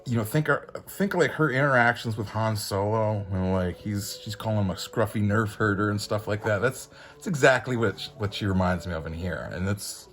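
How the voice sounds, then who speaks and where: A man's voice: on the low side, normal speed, few pauses, a bit bright. A man casually reviewing a comic book, rambling with lots of fillers and frequent chuckles. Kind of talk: casual commentary.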